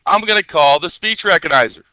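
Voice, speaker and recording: A male teacher giving a classroom coding lesson, energetic and constantly checking in with rhetorical questions. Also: on the high side, brisk, no room sound, low-quality recording.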